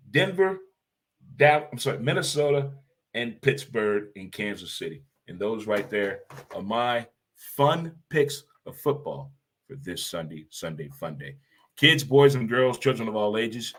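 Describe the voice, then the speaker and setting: A man hosting a casual sports talk show, talking in an animated, emphatic way and repeating lines for effect. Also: on the low side. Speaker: show host.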